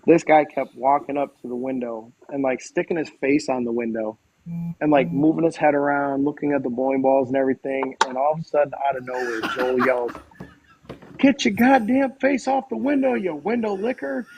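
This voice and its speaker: Man, podcast guest, casual storytelling, middle pitch, faint background noise. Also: a little fast. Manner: animated storyteller, quotes others, frequent fillers and restarts.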